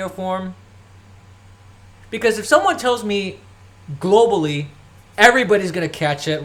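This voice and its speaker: Tidying up at home, a podcast host with a medium-pitched, slightly bright voice delivers a solo political rant. The tone is scoffing, others get mocked through imitation, and an occasional cough breaks in.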